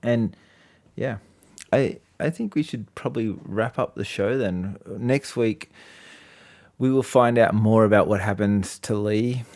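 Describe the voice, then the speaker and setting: A man's voice: on the low side, unhurried, darkish tone, dry recording. A man co-hosting a casual podcast chat, rambling with lots of fillers and frequent laughs. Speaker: podcast co-host.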